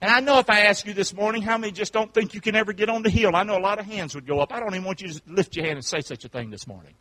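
A man pastor preaching a sermon, calling out to his congregation and swinging from quiet asides to shouts. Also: sits high, rapid-fire. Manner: call-and-response preaching, swings from hushed to shouting. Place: church sanctuary.

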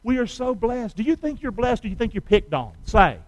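High-voiced folksy preacher, dry sound. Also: male voice, sing-song, fairly quick, dry recording, low-quality recording. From United States. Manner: folksy, storytelling, calls on the congregation to repeat after him. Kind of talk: sermon with call and response.

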